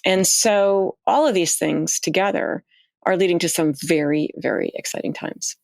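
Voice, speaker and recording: Gravelly-voiced woman guest, chatty. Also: on the low side, normal speed, no echo. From United States. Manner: chatty, animated storyteller with frequent restarts. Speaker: astronaut guest. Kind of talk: casual conversation.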